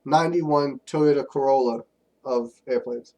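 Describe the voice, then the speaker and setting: A young man, co-hosting a podcast and telling crude, animated stories in casual chat, a bit far from the mic. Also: medium pitch, measured pace. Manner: profane, animated storytelling. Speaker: podcast co-host.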